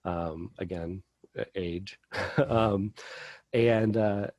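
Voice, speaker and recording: A man's voice: on the low side, very slow, darkish tone, dry recording. A middle-aged man telling a personal story as a podcast guest, rambling with lots of fillers.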